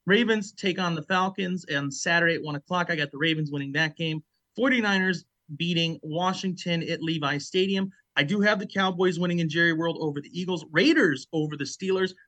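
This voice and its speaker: A man's voice: fairly high pitch, a little fast, sharp tone, no room sound. A man co-hosting a casual sports podcast, confident and decisive as he gives his picks. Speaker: podcast co-host.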